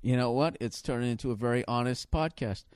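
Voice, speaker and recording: A man hosting a podcast, telling a crude story in casual chat, cursing freely and now and then bursting into loud mock shouts. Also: medium pitch, brisk, smooth, no echo, clean studio sound. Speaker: podcast host.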